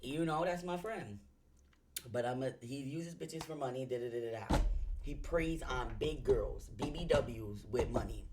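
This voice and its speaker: A woman's voice: very deep voice, unhurried, noisy background. A woman, gossiping bluntly and profanely while reacting to a stream. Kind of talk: casual reaction chat.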